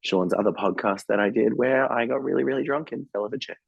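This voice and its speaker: A man, hoarse and husky from being sick, chatting casually as a podcast co-host. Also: mid-range voice, fast talker, no echo, muffled recording. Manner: chatty, laughs easily. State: hoarse from illness. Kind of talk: casual chat.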